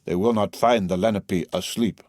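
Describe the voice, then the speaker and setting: A man voicing a stern, guarded male chief who answers in slow, grave, cautious speech. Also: low-pitched, a little mellow, dry recording, clean studio sound, close to an everyday voice.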